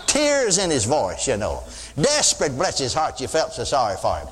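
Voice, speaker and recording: A man's voice: medium pitch, wildly swooping pitch, normal speed, slight background noise. An older man preaching a sermon in a folksy storytelling way, mimicking another pastor's sing-song praying. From Texas. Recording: long reverb of a church hall.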